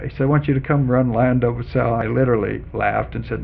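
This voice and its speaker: An older man tells stories in an oral-history interview, his voice gravelly and full of fry. He slips in the other people's lines as he goes. The sound is narrow and phone-like, with a faint hiss behind him. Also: mid-range voice, fast, hardly any pauses. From Canada and Colorado. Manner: animated storyteller who quotes other people in dialogue. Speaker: interviewee, former chief executive.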